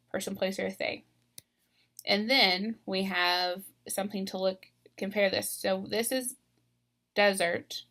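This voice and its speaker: Patient woman teacher with a gravelly edge. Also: medium pitch, fairly bright tone. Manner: patient, step-by-step, thinks aloud with fillers. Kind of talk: instructional video walkthrough.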